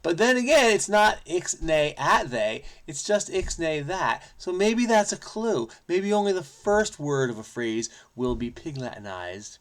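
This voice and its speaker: A man hosting a crossword video, thinking aloud as he solves, playful and energetic, muttering to himself between clues. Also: a little high, a little slow, hardly any pauses. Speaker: crossword solving channel host. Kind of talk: thinking aloud while solving a puzzle.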